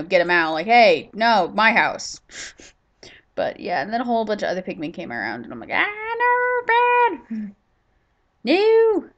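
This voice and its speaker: A woman giving casual, rambling gameplay commentary while tired and yawning, chatting to herself as she plays. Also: fairly low pitch. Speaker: gaming YouTuber.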